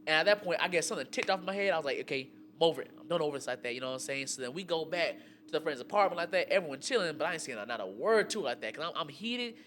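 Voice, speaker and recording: A young man co-hosting a radio talk show, telling relationship stories in an animated, slangy way with lots of fillers. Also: fairly high pitch, very fast, hardly any pauses, a little hiss or hum. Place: radio studio.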